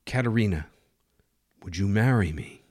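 A man voicing Mister Perkins, a dignified man who speaks in calm, measured sentences. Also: fairly low pitch, no echo, clean studio sound. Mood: earnest. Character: Mister Perkins, a proud, steady American man.

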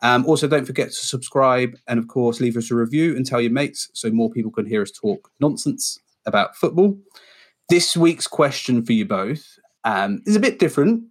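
A man's voice: medium pitch, lively intonation, moderate pace. A man hosting a casual football podcast, running the segments and quizzing his co-hosts. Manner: runs the segments, reads out lists, quizzes the others. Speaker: podcast host.

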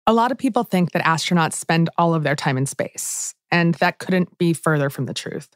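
Woman, documentary narrator, low voice, dry close studio sound, soft music behind. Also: animated, moderate pace, no echo.

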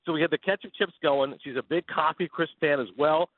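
A Canadian man on a sports radio show, telling animated stories in quick casual chat over a phone line. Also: fairly high pitch, no echo. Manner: animated, fast storytelling with laughs.

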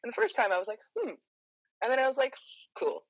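A woman's voice: high voice, sing-song, very fast, poor audio. A woman guest in a casual chat, talking hesitantly with many fillers and frequent laughs. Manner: hesitant, rambling, laughs often.

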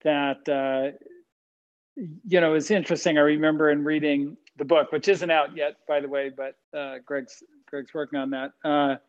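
Halting man interviewing, muffled. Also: on the high side, steady tone. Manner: halting, with many restarts and fillers. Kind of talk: conversational interview.

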